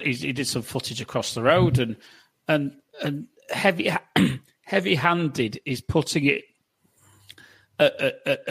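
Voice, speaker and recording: A man joins a casual podcast discussion. He speaks haltingly, repeats words as he goes, and keeps checking that the others agree. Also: medium pitch, a bit bright. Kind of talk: casual chat.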